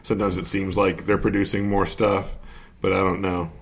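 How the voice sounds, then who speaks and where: Wry, musing man with a low voice. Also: little pitch movement, normal speed, vocal fry. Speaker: podcast co-host. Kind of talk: casual chat.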